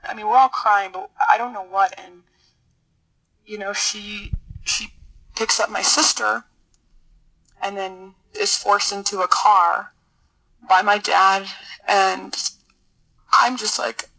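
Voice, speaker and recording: A middle-aged woman guest telling a personal story in an interview, earnest and halting, often repeating words as she searches for them. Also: mid-range voice, fairly even intonation, gravelly, pushed and bright, poor audio. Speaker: podcast guest, military officer.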